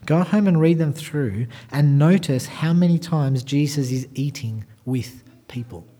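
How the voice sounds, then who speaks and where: A man preaching a sermon as pastor, talking straight to his congregation and swinging from quiet asides to loud, emphatic passages. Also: a little high, a little slow. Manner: addresses the congregation directly with rhetorical questions.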